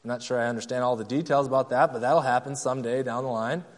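A man's voice: mid-range voice, steady tone, quick pace, long reverb tail. A man preaching a sermon, emphatic and repetitive, acting out the people he quotes. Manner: emphatic, acts out quoted voices, repeats key phrases. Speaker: pastor.

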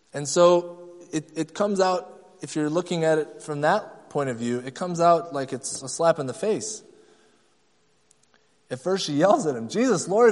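In a large hall, a man with a slightly high voice preaches a sermon as a pastor. His delivery is emphatic and repetitive, hammering key phrases and voicing the people he quotes.

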